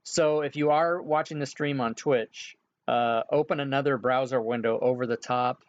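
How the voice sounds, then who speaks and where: Relaxed game master, slightly dull audio. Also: male voice, medium pitch. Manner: relaxed, explanatory, with frequent filler sounds. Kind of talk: casual instructions during an online game session.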